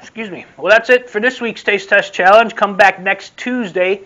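A man with a high, bright, forceful voice reviews a sauce at a moderate pace on his vlog. It's a casual taste test, repetitive and rambling, wrapped up with a friendly sign-off, and the audio is dull.

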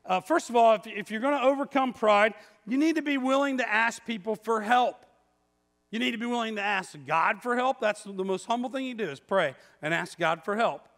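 A pastor in his fifties preaches a sermon in a church sanctuary, telling stories in a conversational, self-mocking way. His voice sits high and a bit bright at a normal speed, with long church hall reverb on the recording.

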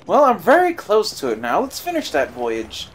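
A man's voice: sits high, huge pitch swings, normal speed, slight background noise. A man playing a video game on a let's play, talking casually with friends and grumbling at the game. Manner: exasperated, swears mildly at the game. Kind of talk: casual gaming commentary. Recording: game music in the background.

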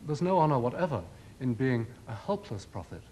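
A man lecturing formally on television. His pitch rises and falls in wide, animated swings. He builds his points rhetorically and leans on ironic emphasis. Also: a little fast, slight background noise.

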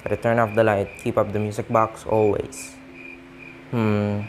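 A man hosting a gaming channel gives let's-play commentary. He is excitable and panicky, counts aloud, and keeps talking to his viewers. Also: lowish voice, moderate pace, slight background noise. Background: game music.

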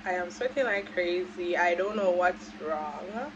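A woman's voice: on the low side, expressive, a little slow, dull audio. A young Jamaican woman vlogging casually to camera, chatting in loose Patois-mixed speech, recorded on a phone. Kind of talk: casual vlog chat to camera. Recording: noisy, road and engine noise behind.

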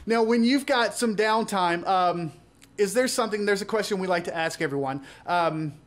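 A man's voice: sits high, normal speed. A man hosting a casual film interview, asking questions in an easygoing way. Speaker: interview host.

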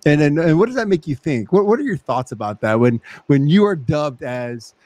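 A man's voice: fairly high pitch, animated, a little fast, a little mellow, no room sound. A man hosting a casual chat as a pastor, easygoing, asking open questions. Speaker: host pastor.

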